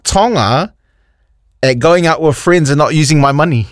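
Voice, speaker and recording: A man hosts a radio show in loose, teasing banter and laughs a lot. His voice sits a little high and moves all over the place. The studio sound is close and dry. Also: normal speed, no echo. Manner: laughs often, lively and teasing. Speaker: radio host.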